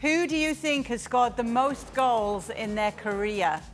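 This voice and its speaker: A woman hosting a sports panel show, brisk and teasing as she steers the talk. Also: on the high side, soft background music. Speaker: host. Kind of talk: casual panel chat.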